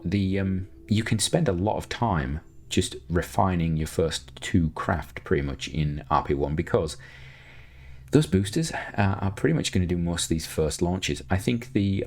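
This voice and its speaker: A man giving chatty, self-mocking commentary while he plays, thinking aloud with many restarts. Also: low-pitched. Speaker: gameplay commentator. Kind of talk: casual gameplay commentary.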